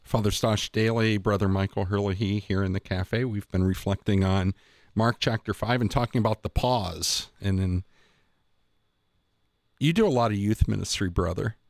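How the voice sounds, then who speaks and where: A man hosting a conversation, asking questions haltingly as he searches for the right words. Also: fairly low pitch, no echo, studio quality. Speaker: podcast host, school principal. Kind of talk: interviewing guests.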